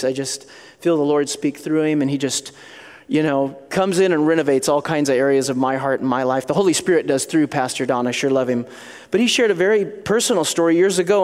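A man's voice: a little high, darkish tone. A male pastor preaching a sermon in an earnest, conversational storytelling manner. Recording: long hall reverb.

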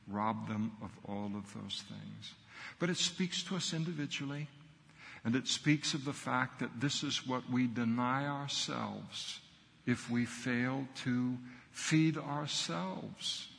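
A man's voice: mid-range voice, gravelly, fairly bright tone, big-room sound. A middle-aged man, a pastor, preaching a sermon earnestly and emphatically in short punchy phrases.

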